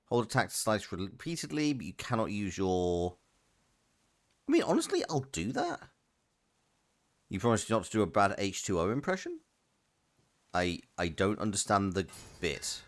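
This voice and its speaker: Lively low-voiced man chatting while gaming. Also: normal speed, pauses often. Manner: chatty, rambling, reads chat aloud. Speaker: streamer. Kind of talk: casual live gaming commentary.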